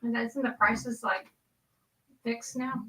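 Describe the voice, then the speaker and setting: A woman's voice: on the high side, fairly even intonation, slow pace, pushed and bright, slightly rough, rough recording. A woman chiming in off mic with short reminders during a livestream.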